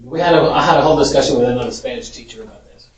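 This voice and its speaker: A Spanish teacher gives a chatty, amused informal lecture in a large, echoey parish hall, picked up by a distant mic. He speaks very fast in a mid-range voice.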